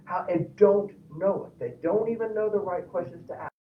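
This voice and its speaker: Male Bible class teacher, slightly high voice, animated and halting, heard from across a roomy church classroom on a tinny, phone-like recording. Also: recorded from a distance. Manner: animated, repeats words when restarting, reads scripture aloud. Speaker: Sunday school teacher.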